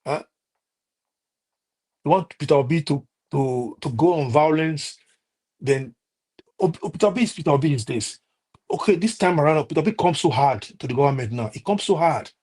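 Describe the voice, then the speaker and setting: A man's voice: on the high side, lively intonation, moderate pace, long pauses, darkish tone, breathy edge. A man with a Nigerian accent delivering a heated, impassioned political rant on a live stream, repeating himself and restarting often. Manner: impassioned, repetitive, many restarts and fillers.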